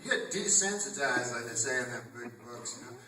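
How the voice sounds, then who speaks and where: A man's voice: mid-range voice, brisk, noisy background. Rambling stand-up man, echoey theatre. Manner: rambling deadpan delivery with sudden loud outbursts in acted quotes. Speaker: stand-up comedian. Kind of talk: stand-up comedy set. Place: theatre stage. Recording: echoey live theatre recording from far off. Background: audience laughter.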